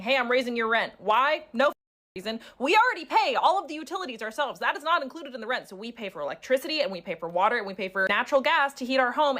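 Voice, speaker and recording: A woman's voice: fairly high pitch, fairly bright tone. A woman venting bluntly about her bills, exasperated. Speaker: social media poster. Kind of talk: frustrated vent to camera.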